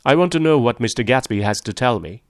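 A man's voice: mid-range voice, animated, fast, no room sound, studio quality, close to an everyday voice. A man reading a story aloud, voicing an arrogant, indignant wealthy husband in a raised, sneering voice. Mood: scornful.

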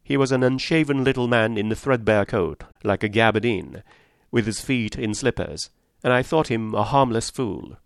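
A man narrating a story for an audiobook in a measured, steady way. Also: lowish voice, creaky, no room sound, clean studio sound.

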